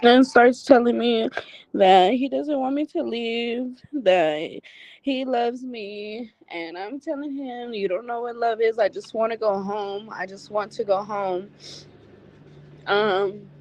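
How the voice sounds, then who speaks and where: Slow-talking woman recounting a painful ordeal. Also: on the high side, a little mellow, a little hiss or hum. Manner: halting, with many ums and restarts, swearing when upset. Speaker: guest telling her story. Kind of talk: emotional first-person account.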